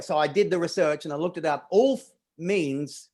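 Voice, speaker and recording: Rambling comedian telling travel jokes. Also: male voice, on the high side, moderate pace, darkish tone. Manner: rambling, self-deprecating, laughs at his own jokes. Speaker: stand-up comedian. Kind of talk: stand-up comedy set.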